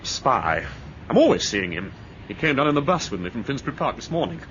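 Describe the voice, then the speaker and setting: An actor playing a bitter, touchy English ex-soldier with an edgy, resentful manner, in an old radio drama. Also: male voice, medium pitch, sing-song, a bit bright, a little hiss or hum. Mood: angry. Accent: upper-class English. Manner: edgy, resentful, quick to flare up. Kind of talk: 1930s-style radio drama acting. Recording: dull old radio recording.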